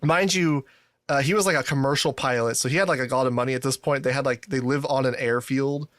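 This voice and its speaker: A man's voice: medium pitch, fairly even intonation, fast talker, a bit bright, dry recording, clean studio sound. A man co-hosting a podcast in casual chat, rambling and swearing, often trailing off with a laugh. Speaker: podcast co-host.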